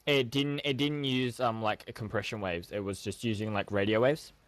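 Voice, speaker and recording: Young man, low voice, hesitant explainer, lots of ums. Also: fairly even intonation, normal speed, a bit bright. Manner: hesitant explainer, many fillers. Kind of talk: casual chat.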